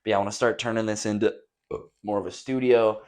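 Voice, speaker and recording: Young male podcast host, lowish voice, loose profane rambling, bare echoey bedroom, mic set back. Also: steady tone, quick pace, a little mellow. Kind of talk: casual solo rambling chat. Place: nearly empty echoey bedroom. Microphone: camera set on a stack of drawers some distance away.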